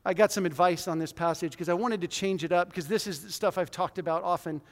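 A man in his forties preaching a conversational, self-deprecating sermon in a church hall, with sudden loud bursts. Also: high voice, fast talker. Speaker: pastor.

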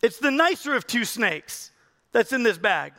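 Preaching in a very high, bright, forceful voice with big pitch swings, this pastor talks a little slowly. He keeps his sermon conversational and jokey, urging congregation members to come up on stage.

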